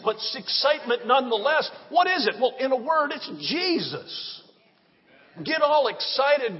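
A male pastor preaching an excited sermon, with call-and-response lines and drawn-out phrases. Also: extremely high pitch. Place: church sanctuary. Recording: dull sound, long church reverb.

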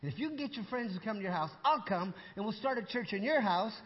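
An older man preaches to a congregation, telling his story with animated back-and-forth dialogue and playful asides. His voice sits fairly high for a man. The sound is muffled and rings with a long church reverb. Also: quick pace. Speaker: pastor. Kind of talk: storytelling sermon. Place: church hall with audience.

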